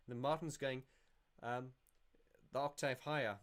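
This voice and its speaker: A male livestream host with a medium-pitched, steady voice chats casually at a moderate pace, with long pauses. Answering viewer questions, he rambles, self-corrects, and sings bits to illustrate.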